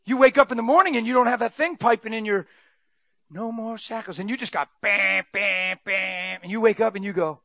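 A male preacher giving an animated sermon, laughing often and breaking into shouts. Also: sits high, fairly quick, creaky, few pauses, no room sound.

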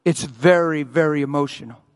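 A man preaching a sermon as a pastor, telling a story and acting out the quotes with loud cries. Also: normal speed, smooth. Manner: acts out quotes, shouting and wailing at high peaks. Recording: long hall reverb.

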